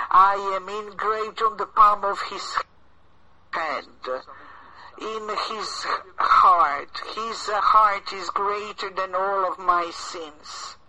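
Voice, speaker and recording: A man preaching an earnest sermon, often addressing "brothers and sisters" and pausing with small hesitations. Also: high-pitched, rough recording. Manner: earnest and exhorting, with frequent hesitations.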